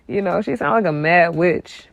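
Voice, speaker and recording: A woman's voice: fairly low pitch, creaky, no room sound, lo-fi sound. A woman giving casual commentary on a song, sassy and emphatic, hammering her points by repeating them. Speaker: music commentary vlogger.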